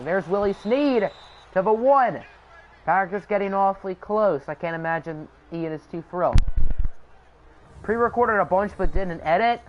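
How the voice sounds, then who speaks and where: A man's voice: high voice, highs cut off, a little hiss or hum. A young man hosting a live stream, calling a simulated football game and chatting with viewers in a joking, casual way. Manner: chatty, answers live chat, jokes. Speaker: channel host. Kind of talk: live sim-game commentary.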